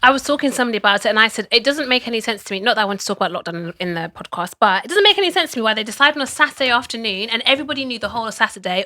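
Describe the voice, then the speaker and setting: A woman co-hosting a casual podcast chat, animated and loud. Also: on the high side, racing, few pauses, dry recording. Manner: animated, talks loudly. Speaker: podcast co-host.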